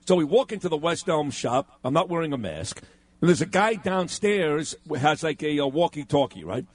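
A fairly high-pitched man hosts talk radio, retelling a run-in with great indignation. He acts out every exchange with emphatic punches. The recording is dry and close. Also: expressive, moderate pace, dry recording. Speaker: radio talk show co-host. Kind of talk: animated storytelling on talk radio.

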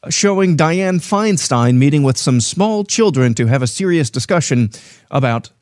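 A man's voice: fairly high pitch, lively intonation, moderate pace, darkish tone, dry recording. Dry-voiced male talk show host. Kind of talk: wry news rundown.

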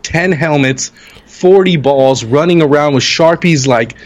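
Animated man telling stories. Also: on the high side, a little slow. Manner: animated, acts out quotes in raised voice. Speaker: podcast co-host. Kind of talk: casual storytelling chat.

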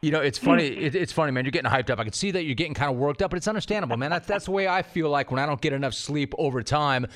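Brash, fast-talking male podcast host. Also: a little high, expressive, a bit bright. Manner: brash, joking, asks rapid questions. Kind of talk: casual interview chat.

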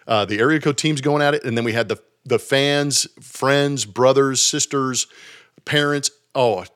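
A man from Southern California, a former baseball player, telling an animated story in casual podcast chat with plenty of fillers. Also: medium pitch, measured pace, clear, resonant tone.

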